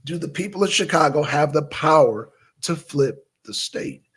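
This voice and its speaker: A man with a slightly high, slightly rough voice hosts a live stream at normal speed, chatting casually with viewers. He reads chat names aloud and fires off questions, animated, with bursts of shouted questions and muttering to himself.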